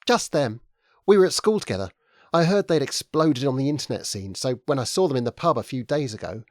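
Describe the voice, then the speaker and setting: A man voicing a frank young woman who is sceptical and teasing, speaking briskly in a raised voice. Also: very deep voice, expressive, darkish tone, no echo, clean studio sound. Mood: wry. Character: wry, frank young British woman, Ben's partner.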